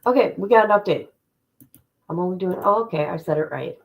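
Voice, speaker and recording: A woman hosts a casual livestream, greeting her chat and reading legal documents aloud with offhand asides in a chatty way. Her voice is fairly low and fairly quick, and the audio is dull.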